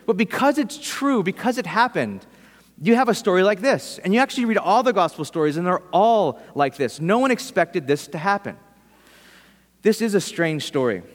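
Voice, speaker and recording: A man's voice: high-pitched, long reverb tail. A man preaching in a church, casual and conversational, with humorous asides. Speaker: pastor. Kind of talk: sermon.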